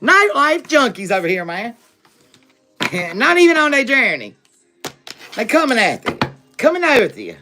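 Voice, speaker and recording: A woman's voice: a little high, wildly swooping pitch, normal speed, pauses often, pushed and bright, faint music behind. A woman doing a live-stream tarot reading for her viewers, chatty and familiar, calling them "baby" and "boo", tagging lines with "okay?" and laughing often between remarks. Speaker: tarot reader. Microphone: livestream setup.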